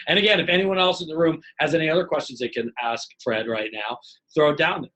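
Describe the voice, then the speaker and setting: A man in middle age teaches a live online leadership session with a slightly high voice. He talks with energy and acts out short exchanges as he explains his points. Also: fast talker, rough recording. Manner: energetic, animated, acts out dialogue. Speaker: leadership trainer.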